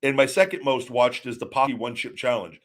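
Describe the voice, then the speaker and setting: A man's voice: medium pitch, steady tone, fairly quick, a bit bright. A man in his forties hosting a live show, chatting casually and rambling through a story with many restarts and self-corrections. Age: 40s. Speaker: show host. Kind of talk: casual live-stream chat.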